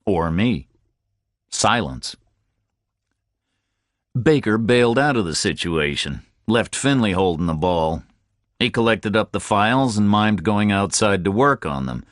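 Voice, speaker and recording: A man's voice: fairly low pitch, animated, measured pace, pauses often, no echo, clean studio sound. A man narrating a first-person audiobook in terse, clipped sentences.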